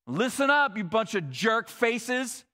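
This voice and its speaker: A man voicing an exasperated old male prophet who is fed up with the crowd and yelling at them bluntly and scornfully. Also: extremely high pitch, brisk, gravelly, pitched above the performer's own voice, exaggerated voice. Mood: furious shouting.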